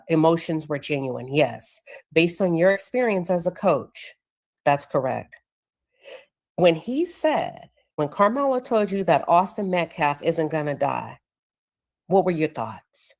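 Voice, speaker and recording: Low-voiced woman hosting a livestream. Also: a little mellow. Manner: conversational, pauses to check her notes. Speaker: livestream show host. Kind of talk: casual livestream commentary recounting court testimony.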